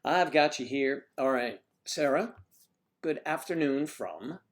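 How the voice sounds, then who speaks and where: A man's voice: medium pitch, expressive, takes it slowly. A man hosting a casual livestream, chatting with viewers and reading their comments, teasing and muttering asides to himself.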